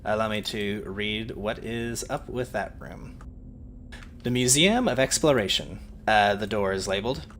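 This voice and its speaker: A man's voice: fairly low pitch, unhurried, a bit bright, slight background noise. A man narrating a tabletop game as game master, describing scenes vividly and laughing often.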